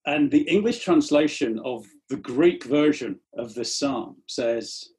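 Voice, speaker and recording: A man's voice: medium pitch, takes it slowly, darkish tone. A man preaching a sermon in an earnest tone, often repeating the first words of a phrase as he starts it.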